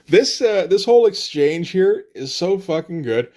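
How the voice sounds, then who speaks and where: A man's voice: sits high, very animated, unhurried, hardly any pauses, a little mellow. A man reviewing comic books in casual, profane commentary, with frequent "uh"s and "like"s. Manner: casual and profane, often says "uh" and "like".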